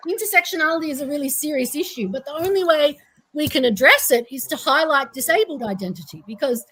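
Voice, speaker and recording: An Australian woman guest on a casual podcast, talking with animated energy and sarcastic asides. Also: high-pitched, fast, low-quality recording. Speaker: guest advocate.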